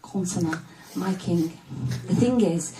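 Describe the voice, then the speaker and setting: Mancunian woman doing spoken word at a live gig, dark low voice, sounds a bit far off. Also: fairly even intonation, measured pace, a little hiss or hum. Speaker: poet. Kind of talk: spoken word poetry performance. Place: live music studio venue. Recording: distant live room sound.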